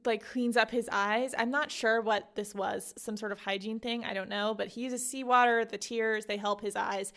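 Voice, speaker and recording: Young woman host, chatty book recap, slightly high voice, lots of fillers. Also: steady tone, moderate pace, hardly any pauses, fairly bright tone. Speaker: podcast host. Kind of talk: casual book summary.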